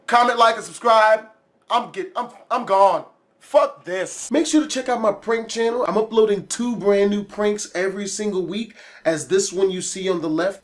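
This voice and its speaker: A man's voice: high-pitched, a bit bright. A man hosting a reaction video, jumpy and profane, laughing as he talks. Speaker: YouTube reaction host. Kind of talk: casual reaction commentary.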